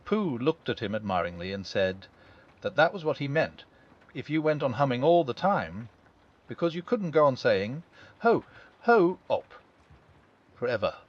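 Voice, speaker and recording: A man narrating a children's classic as a calm bedtime audiobook, gentle and expressive. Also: mid-range voice, normal speed. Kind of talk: calm bedtime storybook reading. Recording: dull lo-fi.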